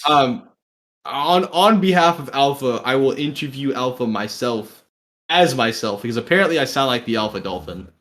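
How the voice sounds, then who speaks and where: A young man giving relaxed, chatty commentary on a live-streamed gaming tournament. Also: medium pitch, moderate pace. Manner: easygoing, chatty, lots of fillers.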